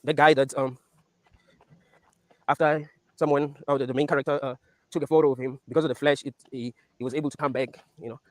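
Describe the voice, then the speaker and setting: A man's voice: mid-range voice, fairly quick, pauses often, no echo. A man talking casually and animatedly, swearing often and laughing as he recaps a series and muses on dreams. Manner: animated, profane, laughs while recapping scenes. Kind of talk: casual rant.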